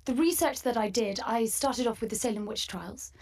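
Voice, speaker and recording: Crisp-spoken Scottish-born actress, high voice. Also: female voice. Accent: crisp southern English with faint Scottish. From Scotland. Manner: lively, laughs often, quick enthusiastic replies. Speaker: actress guest. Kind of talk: interview chat.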